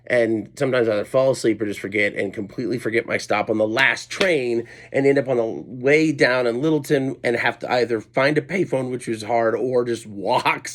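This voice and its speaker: Rambling middle-aged man spinning a story. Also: mid-range voice. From Colorado, USA. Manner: rambling and self-deprecating, with many asides and restarts. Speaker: comedian and storyteller. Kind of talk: casual storytelling monologue. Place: at home late at night.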